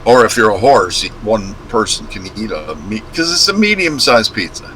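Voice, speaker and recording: Animated, bright-voiced man co-hosting. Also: fairly low pitch, normal speed, a little hiss or hum, poor audio. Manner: rambling, jokey, animated. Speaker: co-host. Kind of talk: casual live-stream chat.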